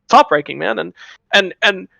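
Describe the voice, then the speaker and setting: A man's voice: sits high, moderate pace, creaky, sharp tone, no room sound, low-quality recording. A man co-commentating a sim racing broadcast, earnest and emotional, repeating himself. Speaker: race co-commentator.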